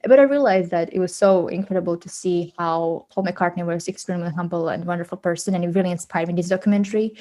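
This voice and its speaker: A woman guest, telling stories in a casual podcast interview and acting out quoted dialogue with big pitch jumps. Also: quick pace, few pauses, dark tone. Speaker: podcast guest, autism advocate.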